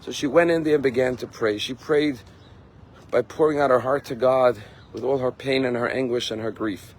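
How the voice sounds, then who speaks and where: A man, a rabbi, giving a sermon and telling a story, earnest, slowing down and lifting his voice to stress key words. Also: mid-range voice, fairly even intonation. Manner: earnest, slows and rises for emphasis.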